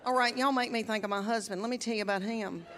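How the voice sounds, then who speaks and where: A Southern woman in her fifties tells stories on stage in a chatty, drawling, folksy way. Her voice sits a little high for a woman. The live recording carries clear background noise. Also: steady tone, fast talker, crowd noise. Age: 50s. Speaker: stand-up comedian. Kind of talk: stand-up comedy. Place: live comedy venue with audience.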